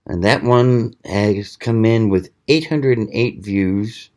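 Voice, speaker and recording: A man hosting his own channel, talking casually in a slow, rambling way with many pauses and fillers. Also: fairly low pitch, darkish tone. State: hiccuping. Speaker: channel host. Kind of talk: casual knife review vlog.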